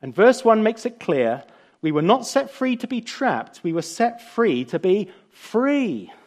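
A man's voice: high-pitched, measured pace. A man preaching a sermon, telling stories and acting out the quoted lines. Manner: animated storytelling, voices quotes.

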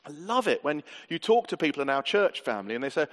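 A man's voice: fairly high pitch, big pitch swings, quick pace. Man preaching in a reverberant hall. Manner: earnest, conversational, with many rhetorical questions. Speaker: pastor. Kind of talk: sermon. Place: church hall.

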